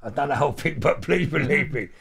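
A man's voice: a little high, fast talker, creaky, fairly bright tone. A middle-aged man with a London accent telling stories casually, swearing heavily and laughing often. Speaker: guest. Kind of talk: casual storytelling.

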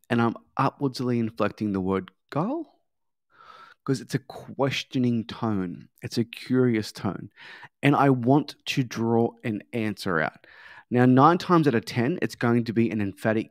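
A man's voice: mid-range voice, moderate pace, no echo, clean studio sound. A man teaching a sales training lesson, coaching in a repetitive, emphatic way and acting out bits of sales dialogue. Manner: coaching, repeats key points, acts out sales dialogue.

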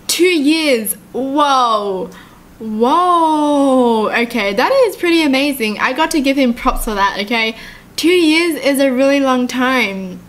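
Woman, higher-pitched, giggly, chatty, casual reaction vlog. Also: animated, moderate pace, fairly bright tone. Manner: giggly and chatty, often laughing at herself. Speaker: YouTuber reacting to a text story.

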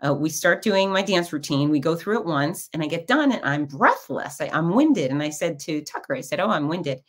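A middle-aged woman with a low-pitched voice hosts her own podcast. She tells stories in a relaxed, chatty monologue and often acts out the lines of the people in them. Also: a little fast. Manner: chatty storytelling with lively quoted asides. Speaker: podcast host. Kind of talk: casual monologue.

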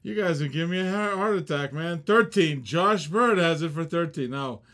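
A man's voice: fairly high pitch, normal speed, fairly bright tone. A man co-hosting a live toy car auction, playful and laughing as he calls out the bids.

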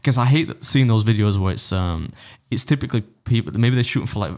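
Fast-talking deep-voiced man, rambling. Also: lively intonation, darkish tone. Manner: rambling, self-deprecating, many restarts. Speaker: food challenge YouTuber, guest. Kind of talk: casual interview chat.

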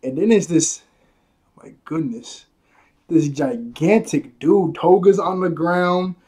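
A man's voice: fairly high pitch, slow, mellow, breathy edge. A man casually reviewing a manga chapter, rambling and restarting his sentences, with chuckles along the way.

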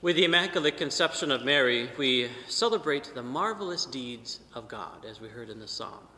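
A man preaching a sermon at Mass as a priest, measured, with emphatic rises and soft trailing endings. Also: medium pitch, expressive. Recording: long church reverb.

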